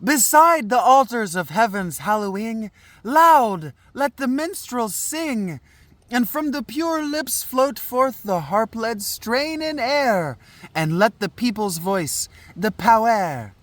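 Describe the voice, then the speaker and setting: A man's voice: high-pitched, big pitch swings, slow pace, a bit bright, dry recording, pitched above the performer's own voice, heavily acted. A man reading aloud the lines of a chorus of young women praying for a city, declaiming with sing-song lifts. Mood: solemn. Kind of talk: dramatic reading of an old play.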